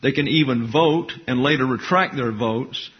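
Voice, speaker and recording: A man's voice: medium pitch, moderate pace, lo-fi sound. Man giving an opinionated history lecture. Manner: conversational asides, opinionated. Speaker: teacher.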